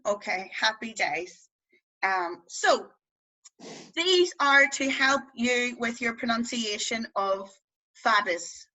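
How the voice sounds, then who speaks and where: A woman's voice: a little high, sharp tone, low-quality recording. A woman with a West Belfast accent teaching a beginners' language class over a video call, chatty and playful, drawing out vowel sounds to demonstrate them. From Northern Ireland.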